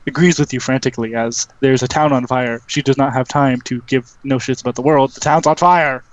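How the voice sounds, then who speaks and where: A man's voice: mid-range voice, fairly even intonation, fairly quick, no echo, lo-fi sound. A man running a tabletop game as game master, narrating casually with lots of fillers over an online call. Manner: rambling, filler-heavy narration. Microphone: online call microphone.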